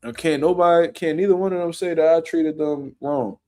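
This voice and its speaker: A young man, a boxer, telling animated, profane stories in street slang during a casual podcast chat. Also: fairly high pitch, brisk.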